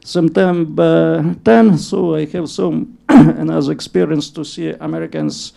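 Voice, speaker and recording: Male professor, very gravelly and slow, halting intro. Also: fairly high pitch, steady tone, warm tone. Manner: halting, coughing between phrases. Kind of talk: self-introduction.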